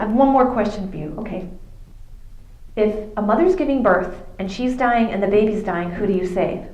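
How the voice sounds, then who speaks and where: A woman's voice: medium pitch, a little mellow. A middle-aged woman, telling a faith story to a youth audience and acting out the dialogue. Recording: echoey room.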